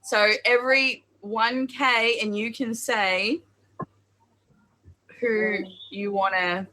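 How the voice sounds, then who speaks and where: A woman co-host who speaks slowly and relaxes into every line, her voice bright and sharp, with faint room noise behind her. She lays out the stream's rules step by step. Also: fairly high pitch, fairly even intonation, rough recording. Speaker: co-host and moderator. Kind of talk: live-stream chat show.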